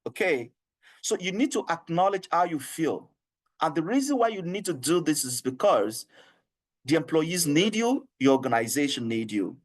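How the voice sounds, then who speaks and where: A man with a Nigerian English accent runs an online HR training, his voice sitting a little on the high side. He coaxes and repeats himself earnestly. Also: big pitch swings, moderate pace. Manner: earnest, repetitive and coaxing, with frequent laughs.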